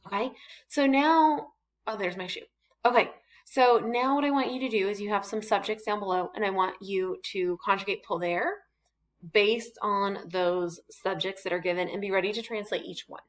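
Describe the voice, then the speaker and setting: A woman's voice: medium pitch, moderate pace. A woman teaching a recorded Spanish lesson, talking students through the verbs step by step with casual fillers. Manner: chatty, explains step by step with fillers. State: has hiccups.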